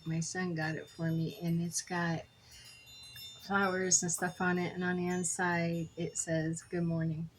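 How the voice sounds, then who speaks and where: Chatty lower-voiced woman crafting. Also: flat delivery, a little slow, slight background noise, poor audio. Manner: chatty storyteller, rambling with self-corrections. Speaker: jewelry crafter. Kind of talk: casual crafting vlog chat.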